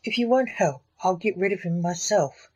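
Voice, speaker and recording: A woman's voice: on the low side, lively intonation, normal speed, darkish tone, breathy edge, highs cut off. Woman doing a cold, sarcastic young necromancer. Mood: angry. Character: grumpy young man, a necromancer.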